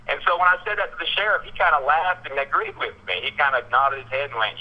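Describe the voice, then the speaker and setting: A man with a Southern US accent, hosting a talk radio show and telling a story in an animated way, repeating words and acting out what people said. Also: a little high, fast, hardly any pauses. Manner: animated, repeats words, acts out quotes in raised voice. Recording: dull lo-fi radio sound.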